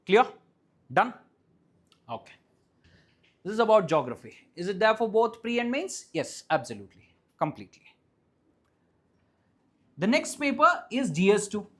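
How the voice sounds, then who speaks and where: A teacher with an Indian English accent giving a live classroom lecture, often asking the class questions and checking that they follow, and repeating key points slowly and firmly. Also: medium pitch, big pitch swings, a bit bright. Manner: keeps quizzing the class and checking understanding. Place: classroom with students present.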